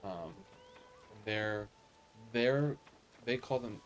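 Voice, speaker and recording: A man's voice: fairly low pitch, measured pace, faint music behind. A man with an American accent streaming a video game, chatting casually and sassily to viewers. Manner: chatty, sassy, reads game dialogue aloud. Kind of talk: casual live game commentary.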